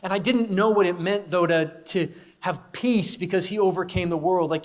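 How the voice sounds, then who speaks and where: A man with a high voice tells his personal testimony at a large live conference venue, using a handheld or stage mic. He talks a little fast with few pauses, in a conversational, emotional manner full of fillers.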